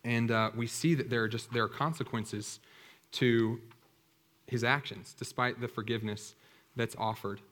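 A man preaching a sermon who retells a scripture story in a conversational, animated way. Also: mid-range voice, moderate pace.

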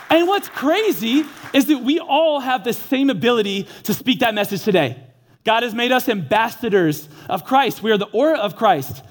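Young male preacher, high voice, lively storyteller who acts out the dialogue. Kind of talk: energetic sermon.

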